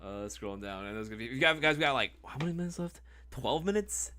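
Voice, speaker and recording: A man hosting a casual live stream Q&A, excitable and profane, who laughs easily. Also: mid-range voice, fast, faint music behind.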